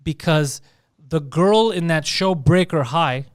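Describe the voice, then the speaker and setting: High-voiced man bantering. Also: no room sound, studio quality. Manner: animated, talks over others, does quick silly impressions. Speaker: podcast co-host. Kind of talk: crude casual banter.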